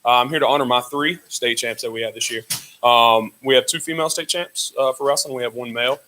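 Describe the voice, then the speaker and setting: Male wrestling coach, bright voice, halting intro full of fillers. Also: mid-range voice, low-quality recording. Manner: hesitant, uses fillers. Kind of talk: brief formal introduction.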